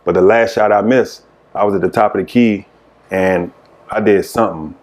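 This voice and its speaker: A man with a fairly low voice tells old basketball stories as a podcast guest. His delivery is laid-back and casual, and he often laughs as he goes. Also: fairly even intonation, normal speed, darkish tone. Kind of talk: casual storytelling.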